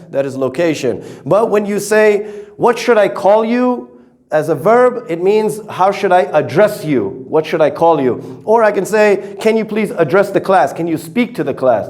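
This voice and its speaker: A man from Afghanistan teaches English pronunciation in a casual, unscripted way. His voice sits a little high, and he talks his way through the examples, pausing often on fillers and saying each example word more than once. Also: a little mellow. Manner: explains slowly with many fillers and repeated examples. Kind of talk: casual classroom-style lesson. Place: teaching in Kabul.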